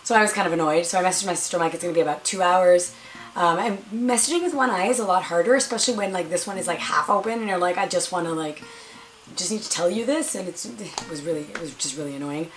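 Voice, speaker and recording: A young woman vlogger chatting casually through a storytime, acting out quoted lines in a higher voice and playing up her own drama. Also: quick pace.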